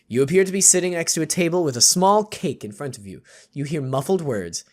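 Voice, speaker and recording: Playful man with a lively voice. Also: on the high side, brisk, few pauses. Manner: jokey, sarcastic, rambling asides. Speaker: YouTube gamer. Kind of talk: let's play, reading game text aloud with commentary.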